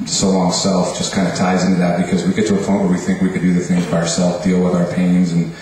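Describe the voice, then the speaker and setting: A man's voice: sits low, completely flat delivery, fast, darkish tone. A man who leads worship at a church, introducing the next speaker in a rambling, hesitant way. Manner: rambling, hesitant, filler-heavy. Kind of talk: casual introduction to a congregation. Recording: echoey hall from far off, faint hum.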